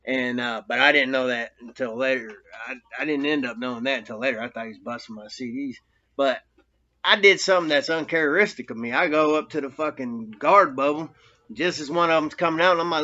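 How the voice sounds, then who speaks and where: A man's voice: mid-range voice, fast talker, pushed and bright, muffled recording. A man casually telling a rambling, profane story about his time in prison, full of street slang.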